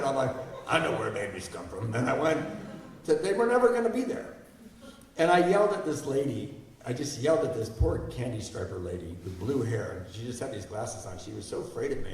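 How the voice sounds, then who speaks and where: Man in his 60s, guest speaker, frank and self-mocking, heard from a distance in a big reverberant hall. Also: mid-range voice. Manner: candid, self-deprecating, asks the audience questions. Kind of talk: personal recovery story told to an audience. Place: large hall before an audience. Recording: echoey hall, mic far off.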